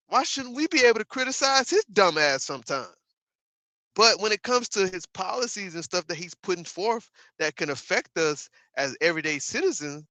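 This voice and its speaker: A man's voice: sits high, pushed and bright, dry recording. A man giving casual livestream commentary, ranting emphatically and profanely with repeated asides to his viewers.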